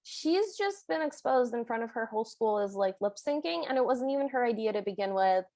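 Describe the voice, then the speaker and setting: A woman's voice: on the high side, expressive, brisk, a little mellow. A woman co-hosting a podcast, chatty and reactive, sharing her own opinions about a movie. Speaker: podcast co-host. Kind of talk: casual movie recap chat.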